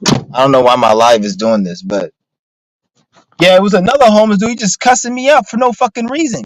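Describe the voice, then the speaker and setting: Guy ranting on his livestream, swears a lot, rambles, kinda high voice. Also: expressive, a little fast, dry recording, rough recording. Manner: profane, rambling, heavy on filler words. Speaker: streamer. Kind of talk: casual livestream rant.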